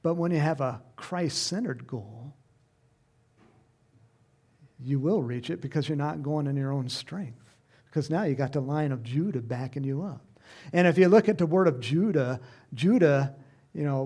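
A middle-aged male pastor preaches in a loose, conversational way, often rising into loud, emphatic bursts. His voice sits a little high and has a gravelly, fry-laden edge. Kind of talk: sermon.

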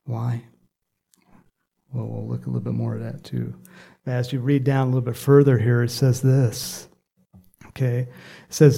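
Middle-aged male pastor, low mellow voice with gravel, rambling conversational sermon delivery. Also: fairly even intonation, unhurried. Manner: rambling, conversational, self-deprecating asides.

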